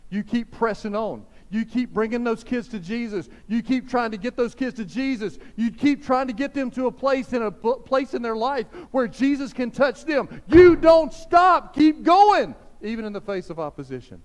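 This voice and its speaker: Pastor, man in his fifties, high voice, fervent exhorting sermon, long church-hall echo. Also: expressive, brisk, few pauses. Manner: fervent, exhorting, repeats phrases for emphasis.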